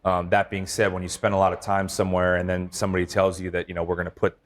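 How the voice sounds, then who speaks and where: A middle-aged man with a deep, low-pitched voice answers interview questions about his team. He talks in a relaxed, rambling way, circling back and restarting his sentences as he goes. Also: fast talker. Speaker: baseball team manager. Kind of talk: casual interview chat.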